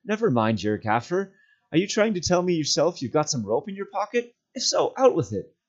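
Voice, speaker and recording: An earnest young hobbit master, tired yet firm and brisk, as a man reading aloud puts him on. The voice is pitched clearly above the reader's own. The sound is dull and lo-fi. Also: sing-song. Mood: impatient.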